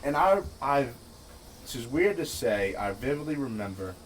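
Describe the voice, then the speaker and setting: A man's voice: medium pitch, big pitch swings, moderate pace, background noise. A man, hosting in a loose, casual way, often restarting with "like" and "I mean". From St. Bernard Parish, Louisiana. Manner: loose, starts over often, says "like" and "I mean" a lot. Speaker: podcast host. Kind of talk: casual chat.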